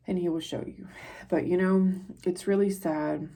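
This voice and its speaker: A woman reads tarot for her viewers in a low, gravelly voice with a husky edge. Her tone is dark and mellow. She talks earnestly and rambles, preaching like a spiritual teacher. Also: steady tone, moderate pace. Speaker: psychic tarot reader.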